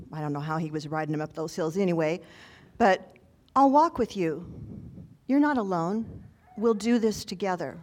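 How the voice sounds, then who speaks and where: A woman telling a personal story to an audience in an earnest, reflective, conversational way. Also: medium pitch.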